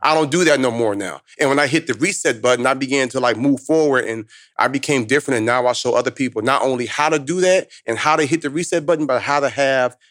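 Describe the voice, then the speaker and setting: Fast-talking man telling his story. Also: mid-range voice, fairly bright tone, dry recording, clean studio sound. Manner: emphatic, slangy, full of street talk. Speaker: guest, motivational speaker. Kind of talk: casual storytelling in conversation.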